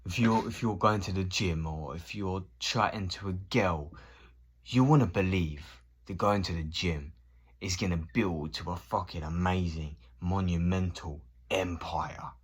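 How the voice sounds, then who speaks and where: A man's voice: low voice, a little slow, slightly rough. A man in his thirties ranting casually to camera, swearing and acting out both sides of conversations. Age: 30s. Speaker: vlogger.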